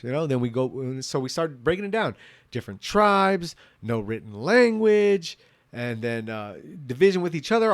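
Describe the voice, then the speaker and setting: A man in his thirties talks in a loose drunken rant, rambling and profane, often breaking off and restarting his sentences. His voice sits at an ordinary middle pitch for a man. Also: dry recording. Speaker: vlogger.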